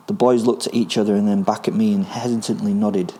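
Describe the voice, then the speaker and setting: A man's voice: fairly low pitch, fairly even intonation, quick pace, dark tone, husky. A man reading his own first-person story, gleefully menacing and darkly amused.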